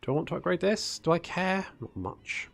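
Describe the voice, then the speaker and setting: A man's voice: fairly high pitch, lively intonation, moderate pace, creaky. A man hosting a casual strategy game let's-play, chatting and muttering to himself as he plays and calling his units "buddy". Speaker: gaming channel host.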